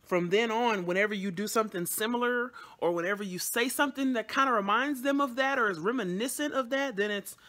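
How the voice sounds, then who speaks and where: A woman's voice: on the high side, moderate pace, fairly bright tone. A woman vlogging casually, venting bluntly to her camera with frequent swearing and rambling restarts.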